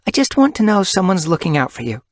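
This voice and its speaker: A man's voice: high voice, very animated, quick pace, no room sound, clean studio sound, voice pushed up. Mothflight, an anxious she-cat, as a man puts her on. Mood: motherly. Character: anxious young she-cat medicine cat mother.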